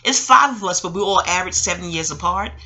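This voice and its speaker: A woman's voice: lowish voice, animated, fast, sharp tone. A middle-aged woman from Harlem, talking in a rambling, profane monologue, digressing and laughing often. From New York, Harlem. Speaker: astrologer and host.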